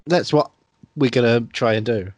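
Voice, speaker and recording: A man's voice: mid-range voice, normal speed, no room sound. Enthusiastic man chatting about films. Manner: enthusiastic, jokey, drifts into tangents. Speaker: podcast co-host. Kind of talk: casual film chat.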